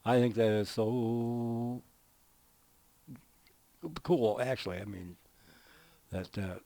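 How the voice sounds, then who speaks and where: A man hosting a gameplay video, chatting casually in a slow, folksy, drawling way and telling a joke as he builds. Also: mid-range voice, warm tone, no echo. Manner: slow, folksy, drawling storyteller who chuckles at his own jokes. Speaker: gaming video host. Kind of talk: relaxed gameplay commentary with a told joke.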